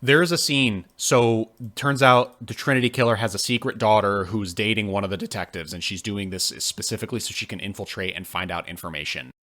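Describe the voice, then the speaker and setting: A man co-hosting a podcast, chatting casually and ranting with swearing and sudden jumps in pitch. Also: fairly quick, few pauses. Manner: animated, profane ranting with big pitch jumps. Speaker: podcast co-host. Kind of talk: casual podcast review chat.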